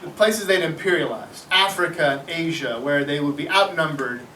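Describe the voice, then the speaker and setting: Animated male teacher in an echoey classroom. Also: fairly high pitch, normal speed, far from the mic, a little hiss or hum. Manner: animated, asks the class questions. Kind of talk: classroom history lecture.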